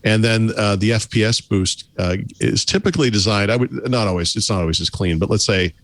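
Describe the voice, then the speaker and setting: Low-voiced man rambling through tech news. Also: animated, brisk, a bit bright. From New England. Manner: rambling, self-correcting, laughs often. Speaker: podcast co-host. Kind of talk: casual chat and news rundown.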